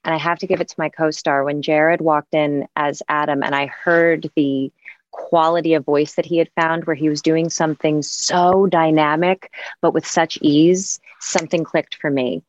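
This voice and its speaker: A woman's voice: low voice, steady tone, moderate pace. An actress speaking in a reflective roundtable conversation, searching for her words with frequent restarts. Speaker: actress guest. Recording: dull, dry sound.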